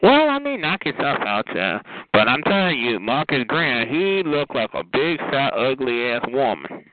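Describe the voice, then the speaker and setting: A man on a chat line, talking at a mid pitch with a sassy, trash-talking manner and drawn-out insults. His voice comes through a tinny phone connection. Steady hiss and noise sit under every word.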